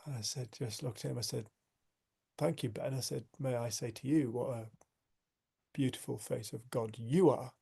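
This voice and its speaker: A man's voice: medium pitch, moderate pace, gravelly, dark tone, husky. A man hosting a community group, telling a heartfelt personal story in an earnest, reflective way with frequent restarts. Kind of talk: storytelling in casual conversation.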